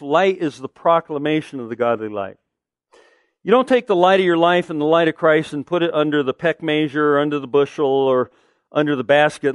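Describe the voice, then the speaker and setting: A man's voice: a little high, no room sound, clean studio sound. A middle-aged man preaching a sermon as pastor, earnest and conversational, asking the listeners pointed rhetorical questions.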